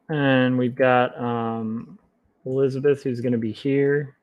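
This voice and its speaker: A man streaming while he draws comics, chatting casually and thinking aloud in a relaxed, self-mocking way. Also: mid-range voice, a little slow, highs cut off. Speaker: comic artist streaming his work. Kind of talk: casual livestream commentary while drawing.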